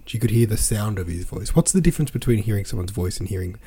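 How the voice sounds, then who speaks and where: A man's voice: fairly low pitch, expressive, fast, warm tone, slight background noise. A man hosting a podcast, reading from a novel aloud and complaining in an exasperated, ranting way about its wordy sentences. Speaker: podcast host.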